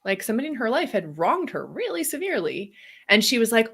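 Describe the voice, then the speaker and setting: A woman's voice: quick pace, creaky, slightly rough. A woman co-hosting a casual, reflective podcast conversation, talking animatedly and acting out quoted voices with laughs. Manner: animated, acts out quoted voices with big pitch jumps, laughs often. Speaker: podcast co-host.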